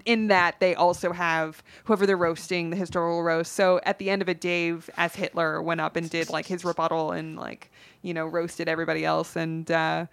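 A woman comedian chatting as a podcast guest, telling lively stories, swearing and laughing often. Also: fairly low pitch, moderate pace, vocal fry, smooth, no echo. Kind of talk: casual podcast chat.

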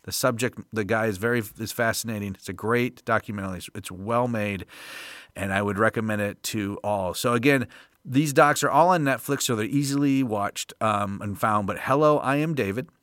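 A man's voice: lowish voice, normal speed, a bit bright, no echo. Upbeat podcast host man, dry close mic. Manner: upbeat and jokey, loose with fillers. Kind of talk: casual solo podcast talk.

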